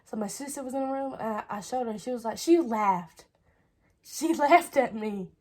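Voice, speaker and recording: A woman's voice: on the high side, moderate pace, warm tone. A young woman, chattily telling a personal story on her vlog. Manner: chatty, repeats "I was like". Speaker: vlogger. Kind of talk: casual storytelling.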